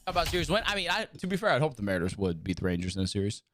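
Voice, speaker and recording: A man's voice: fairly low pitch, very animated, rapid-fire, fairly bright tone, faint music behind. A man live-streaming a baseball video game, chatting casually and joking around with silly voice impressions. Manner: jokey, tries silly voice impressions, repeats lines. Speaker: gaming streamer. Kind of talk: casual live-stream chat while playing.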